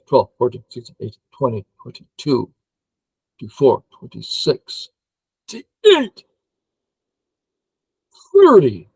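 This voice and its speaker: An older man who teaches Go, playing a game and thinking aloud in an excitable way while humming and counting under his breath. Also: medium pitch, gravelly, husky, dry recording, rough recording.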